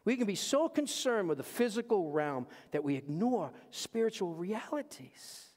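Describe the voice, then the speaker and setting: A man with a notably high voice preaches to his church. He leans hard on repeated phrases and swings from hushed asides to raised, pointed lines. His words ring out with the long reverb of a big sanctuary. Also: sing-song, moderate pace. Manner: emphatic, repeats key phrases, swings between quiet asides and raised punchlines. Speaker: pastor. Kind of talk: sermon. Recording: long reverb of a large hall.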